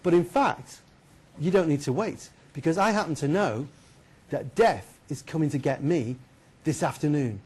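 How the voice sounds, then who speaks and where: A man doing a calm, knowing old man. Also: on the high side, normal speed, husky.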